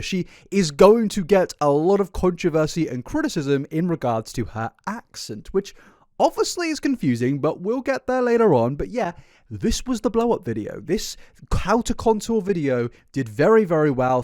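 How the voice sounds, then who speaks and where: A man hosting an internet commentary video, animated, laughing often, stumbling over restarts. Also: fairly high pitch, no echo, studio quality. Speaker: commentary host. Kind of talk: commentary narration.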